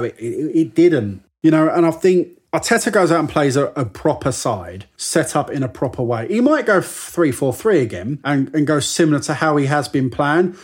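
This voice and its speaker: A man in casual football chat, chatty and jokey, slipping into quick impressions of people. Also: on the high side, a little mellow, slightly rough. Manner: chatty, jokey, mimics people mid-story. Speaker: football podcast co-host.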